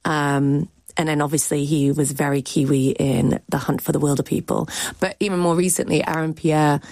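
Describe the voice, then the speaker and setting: A woman's voice: low voice, fairly even intonation, normal speed, a little mellow, no echo. A woman critic and cultural commentator giving chatty, frank opinions on a radio show.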